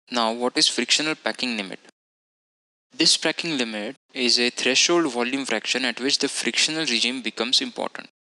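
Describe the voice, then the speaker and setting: A man narrating a technical software lecture, explaining each model setting in a methodical way and now and then correcting himself. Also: medium pitch, poor audio. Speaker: instructor.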